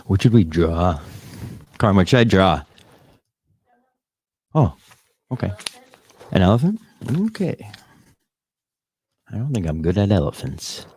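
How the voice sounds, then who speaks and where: A man's voice: sits low, animated, a little slow, pauses often, a little mellow, slightly rough, dry recording. A podcast host on a casual live stream, rambling and swearing as he talks back to the chat comments.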